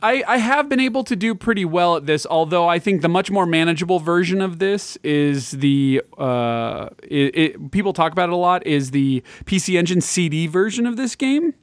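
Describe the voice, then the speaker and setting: Male co-host, rambling casual talker, slightly high voice, dry close mic. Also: expressive, normal speed, hardly any pauses, no room sound. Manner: rambling, with many fillers and restarts. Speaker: podcast co-host. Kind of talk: casual chat about retro games.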